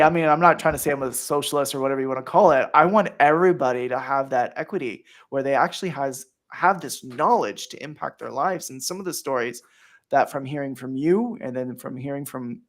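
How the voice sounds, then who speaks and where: A man hosting a casual podcast chat, earnest and emotional, with many fillers and restarts. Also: mid-range voice. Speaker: host.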